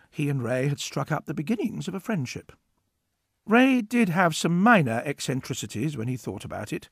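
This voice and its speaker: Man, storybook narration, wry, expressive, lively pitch, dry close sound. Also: husky, no room sound. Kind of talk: storybook reading.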